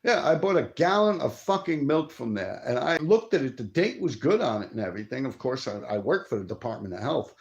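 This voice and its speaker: Middle-aged New man, gravelly, streetwise, profane live-stream storyteller. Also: mid-range voice, sing-song, brisk, hardly any pauses, muffled recording. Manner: profane, streetwise, answers viewer chat. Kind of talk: casual rambling storytelling.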